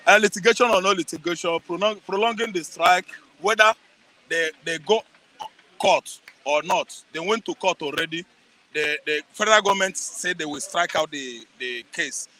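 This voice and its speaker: In an impassioned street interview, a middle-aged Nigerian man preaches at a moderate pace in a voice that sits high. He repeats phrases for emphasis, sometimes shouts, and poses rhetorical questions to himself. The recording is low quality.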